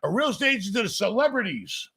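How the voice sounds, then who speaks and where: Older guy, brash profane podcast host, rough gravelly edge, bright tone. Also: high-pitched, sing-song, fast. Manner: brash, profane, mocking, shouts often. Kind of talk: blunt casual chat.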